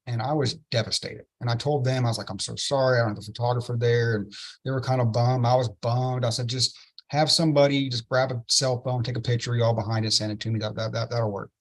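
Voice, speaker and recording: A man, an interview guest telling a story with excitement and many "right?" tag questions. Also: mid-range voice, fast. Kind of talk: enthusiastic storytelling in a podcast interview.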